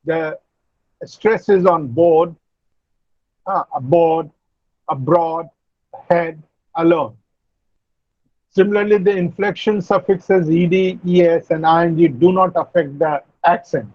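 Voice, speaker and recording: A man lecturing an online class, explaining slowly, repeating and spelling out words. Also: high voice, steady tone, no echo, highs cut off. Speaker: university lecturer. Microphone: video call.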